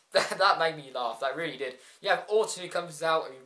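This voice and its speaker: Excitable rambling reviewer in an echoey room. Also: mid-range voice. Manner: excitable, rambling, quick asides. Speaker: wrestling show reviewer. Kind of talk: casual video review.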